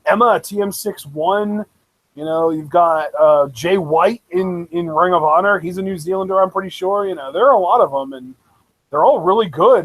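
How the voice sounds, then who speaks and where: A man co-hosting a live wrestling reaction chat, excitable, rambling and laughing often. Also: a little high, low-quality recording. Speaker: co-host of a wrestling reaction show.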